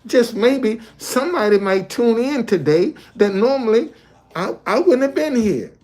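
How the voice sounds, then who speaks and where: A man's voice: extremely high pitch, animated, unhurried, a little mellow. A man talking casually on a livestream from a hotel, looping back and repeating his points. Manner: repetitive, loose conversational, restates points. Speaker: live streamer.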